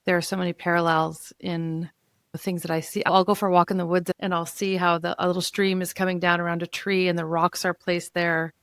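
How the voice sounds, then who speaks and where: Thoughtful woman host, lowish dry voice. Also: level tone, a little fast, a bit bright, clear, resonant tone, no room sound. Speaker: podcast host. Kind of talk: casual interview chat.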